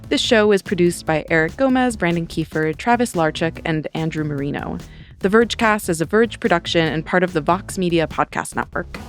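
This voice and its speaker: A woman's voice: fairly low pitch, lively intonation, brisk, faint music behind. A woman guest-hosting a podcast, chatting casually with frequent "like" fillers.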